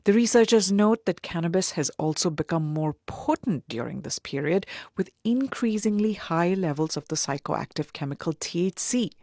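A woman delivering a radio news report as a reporter, clear and paced. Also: fairly low pitch, animated, normal speed, few pauses, a little mellow, no room sound, clean studio sound.

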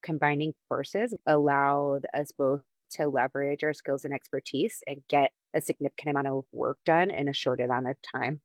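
A woman from a nonprofit speaking in a measured, professional interview. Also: extremely low pitch, fairly even intonation, no room sound. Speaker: nonprofit representative.

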